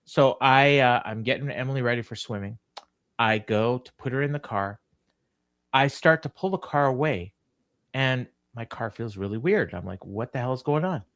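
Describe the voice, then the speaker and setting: Long, wandering anecdotes full of ums and false starts come from a middle-aged man co-hosting a casual podcast. He has a lively, mid-range, fairly bright voice at a moderate pace, recorded in clean studio sound with no room sound.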